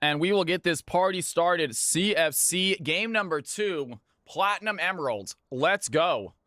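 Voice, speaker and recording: A man hosting a live game stream, energetically giving shout-outs to chat and calling out teams. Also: fairly high pitch, animated, unhurried, no echo, studio quality.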